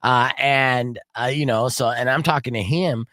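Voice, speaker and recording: A man's voice: moderate pace, no room sound, clean studio sound. A middle-aged man hosting a radio show in casual chat, telling rambling stories full of fillers. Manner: rambling, filler-heavy storytelling with lively swings in pitch. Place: radio studio.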